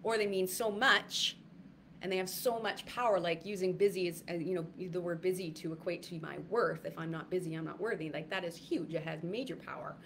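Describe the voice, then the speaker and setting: A woman's voice: on the low side, brisk, fairly bright tone, slight background noise. A woman giving a casual livestream talk to viewers, rambling with many fillers and restarts. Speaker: wellness retreat speaker.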